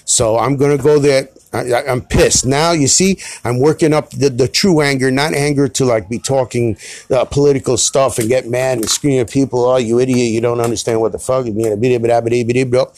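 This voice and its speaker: A man's voice: mid-range voice, fairly even intonation, normal speed, darkish tone, dry recording. A middle-aged man, hosting a solo podcast in a rambling, self-deprecating way with some swearing. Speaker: podcast host.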